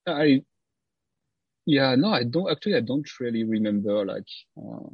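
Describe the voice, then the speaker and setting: Husky French-accented man, halting. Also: medium pitch, animated, dry recording, muffled recording. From France. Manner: halting, many restarts and fillers. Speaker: guest. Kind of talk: casual interview.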